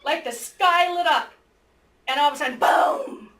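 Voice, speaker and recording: A woman teacher telling a story to her class with lively energy, acting out both sides and breaking into squeals and shouts. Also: sits high, moderate pace. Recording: echoey room, mic far off, faint noise.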